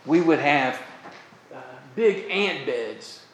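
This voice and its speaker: A man's voice: a little high, animated, takes it slowly, slight background noise, rough recording. A man from Florida preaching a sermon as pastor, earnest and emphatic, telling folksy stories with humor. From Florida, USA.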